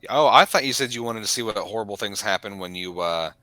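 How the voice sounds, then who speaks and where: A man's voice: lowish voice, quick pace, pushed and bright, no room sound. A man running a tabletop game as game master, narrating in a rambling, self-correcting way.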